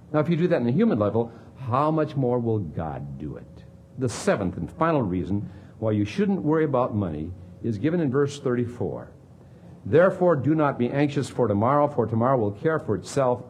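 A man preaching a sermon as a pastor, with dramatic swings between emphatic lines and hushed ones. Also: mid-range voice, slight background noise.

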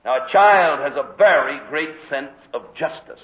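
Preacher guy giving an animated sermon, kinda high voice, tinny phone-like sound in a big echoey room. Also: measured pace. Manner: animated storytelling, acts out voices in quotes. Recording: phone-like lo-fi echoey hall recording. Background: congregation heard responding.

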